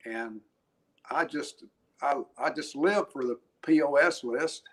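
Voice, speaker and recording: Taking his time in a fairly high voice, the older musician shares interview anecdotes with animated chattiness. Laughter breaks in, and he keeps restarting what he's saying.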